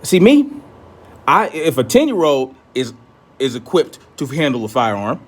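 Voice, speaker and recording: A man rants straight at his critics, blunt and profane, daring them to argue. He repeats his points to hammer them home, with his voice sitting at an ordinary middle pitch. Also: very animated, normal speed, fairly bright tone. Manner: repeats himself for emphasis. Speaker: commentator. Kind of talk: ranting commentary.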